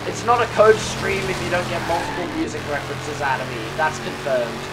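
A young man giving live commentary while streaming a racing game, excitable and whooping at near misses. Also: a little high, brisk. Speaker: gaming streamer. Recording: game audio with engine noise.

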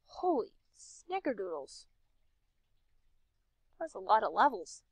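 A woman's voice: medium pitch, sing-song, takes it slowly, breathy edge, dry recording. Chatty, sarcastic woman playing a game. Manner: chatty, sarcastic, talks to herself. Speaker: game streamer. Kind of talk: casual game commentary.

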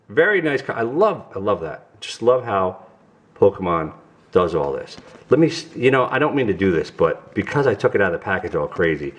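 A middle-aged man from New York with a New York accent, hosting a family vlog and chatting goofily to viewers while opening trading cards. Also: medium pitch. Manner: goofy, chatty, talks straight to viewers. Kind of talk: casual card-opening vlog.

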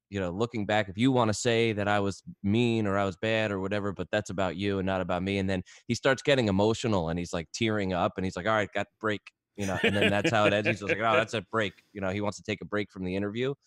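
A male sports radio co-host thinks aloud in a lowish voice. He hedges with fillers and pauses as he builds his point. The studio sound is dry and close. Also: dry recording. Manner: thoughtful, hesitant with fillers. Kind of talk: casual sports talk.

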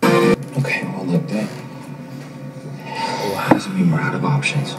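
A man's voice: lowish voice, lively intonation, slow. An actor playing a young man who urgently reassures a worried friend. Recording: distant, echoey TV sound with music.

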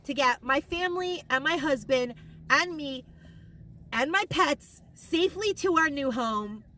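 Bright, high-pitched gushing woman vlogger. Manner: gushing, excitable and rambling; emotional, close to tears. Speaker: haul vlogger. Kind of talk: casual shopping haul vlog.

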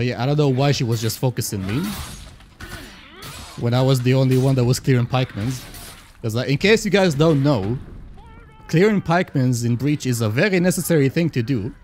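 A man's voice: medium pitch, a little fast, a little mellow, slight background noise. A young man streaming a game, casually reacting and swearing as he talks through the match at his desk mic. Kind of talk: gameplay commentary.

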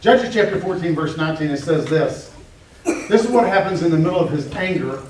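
A male pastor preaching a sermon, animated and joking as he acts out the story's quotes. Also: fairly high pitch, a little fast, a little hiss or hum. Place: church hall. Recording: echoey room, mic at a distance.

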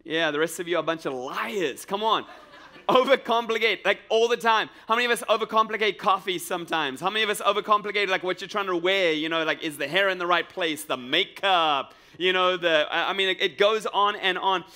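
High-voiced energetic pastor preaching. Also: male voice, a little fast. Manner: energetic, jokey, repeats phrases and asks the crowd questions. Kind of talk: lively sermon with crowd call-and-response. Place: church sanctuary with live congregation.

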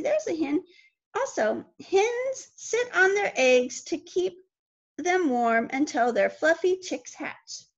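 A woman's voice: extremely high pitch, fairly bright tone. A woman reading a children's picture book aloud at storytime, in a sing-song way, making the animal sounds herself. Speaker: storytime reader. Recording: muffled lo-fi recording.

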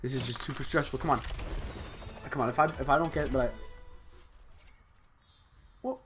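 A young man casually commentating as he opens game loot boxes at his computer, excitable, talking to himself, groaning and cheering. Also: mid-range voice, normal speed, faint music behind. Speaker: gaming channel host. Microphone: desk USB microphone.

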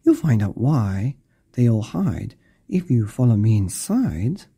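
A woman's voice: a bass voice, very animated, takes it slowly, warm tone, slightly rough, heavily acted. A man voicing a tiny, brave young girl who taunts in a sing-song chant. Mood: teasing.

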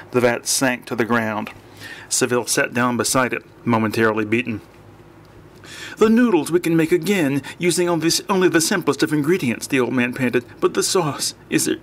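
A man narrating an audiobook in a dry, measured reading voice. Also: mid-range voice, a bit bright.

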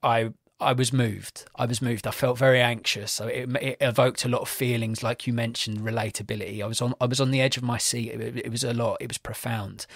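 A man's voice: medium pitch, fairly even intonation, brisk, creaky, few pauses, breathy edge, no room sound, studio quality. Earnest man reviewing a film. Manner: earnest, reflective, swears casually. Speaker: podcast co-host. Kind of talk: casual film review chat.

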